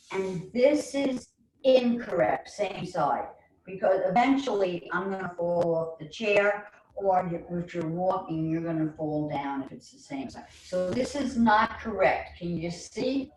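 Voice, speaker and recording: A woman with a New York accent leading a guided chair yoga class online, giving slow, soothing cues with playful asides. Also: mid-range voice. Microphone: online video call. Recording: roomy, distant mic, faint noise.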